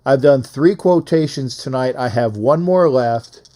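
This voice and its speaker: A man's voice: mid-range voice, unhurried, dark tone. A man hosting a casual live call-in sports show, rambling and repetitive as he reads out phone numbers.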